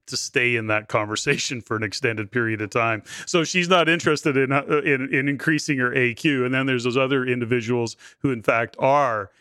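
A man's voice: mid-range voice, steady tone, brisk, hardly any pauses, pushed and bright, clear, resonant tone, dry recording, studio quality. A man hosting a podcast interview, chatting casually and laughing readily. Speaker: podcast host.

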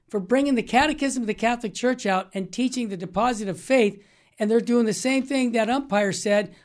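A man in his sixties hosting a religious talk show, telling stories in an emphatic, rambling way. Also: very high-pitched. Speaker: Catholic radio host. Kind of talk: casual talk show discussion.

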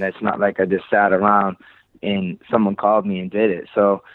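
Boston man, lowish voice, casual rambling podcast guest, tinny phone-line sound. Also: level tone, moderate pace, dry recording. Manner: loose, rambling, swears casually. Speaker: podcast guest, creative director.

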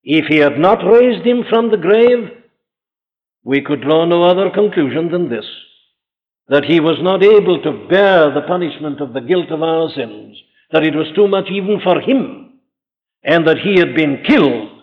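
A man preaching with emphasis, with a fairly high voice for a man. He keeps posing rhetorical questions and answering them. The sound is dull and lo-fi, with a long reverb trailing behind each phrase. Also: expressive, measured pace. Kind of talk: sermon.

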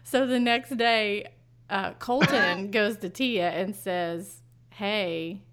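A woman's voice: medium pitch, slow, a bit bright, smooth. Woman cohost, teasing, fires off questions, medium voice. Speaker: podcast co-host. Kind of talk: casual chat recapping a reality show.

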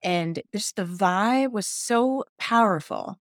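A woman's voice: mid-range voice, animated, slow pace, no room sound, studio quality. A woman in her fifties, a journalist guest telling her story in a casual podcast chat, enthusiastic and laughing often. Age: 50s.

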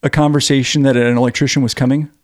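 A man co-hosting a podcast, bantering loudly with laughs and swearing. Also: medium pitch, little pitch movement, fast, no room sound, studio quality. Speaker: podcast co-host. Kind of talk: casual chat.

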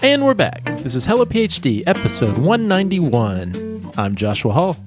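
A man's voice: fairly high pitch, big pitch swings, normal speed, music in the background. A man with a stuffy nose, co-hosting a podcast in casual, joking chat. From United States. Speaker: podcast co-host.

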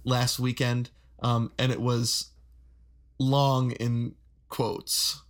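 A man co-hosting a podcast in casual chat, relaxed and rambling, laughing often, with a flat Midwestern accent. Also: medium pitch, drawn-out words. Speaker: podcast co-host.

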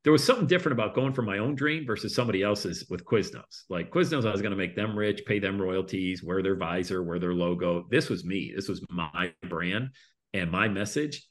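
A middle-aged man telling his story in a casual interview, animated and acting out other people's voices. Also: low voice. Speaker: guest speaker and coach.

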